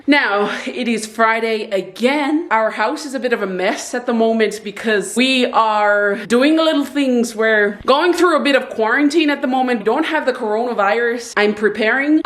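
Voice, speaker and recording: Chatty young woman vlogging at home. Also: on the high side. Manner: chatty, teasing, jokey. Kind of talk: casual home vlog.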